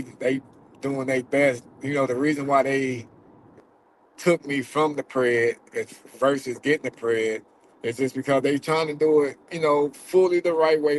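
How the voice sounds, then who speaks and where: A man's voice: medium pitch, fairly bright tone, slight background noise, poor audio. A man vlogging to his viewers from a car as he drives, loose and profane, and holding back tears. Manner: loose and profane, many fillers. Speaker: vlogger who catches predators. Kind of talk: casual vlog talk to viewers. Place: in a car while driving.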